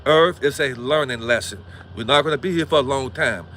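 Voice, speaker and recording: A man's voice: mid-range voice, brisk, pushed and bright, a little hiss or hum. Preachy, profane man on a livestream. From Gary, Indiana. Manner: preachy, repetitive rhetorical questions, profane. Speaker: livestream host. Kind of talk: impassioned livestream monologue.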